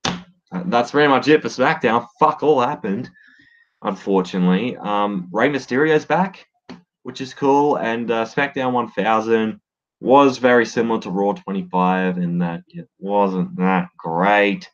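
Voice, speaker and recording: A man's voice: fairly low pitch, unhurried. A man giving casual solo commentary on wrestling, blunt and swearing freely, with lots of fillers. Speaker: wrestling podcaster. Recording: dull lo-fi sound.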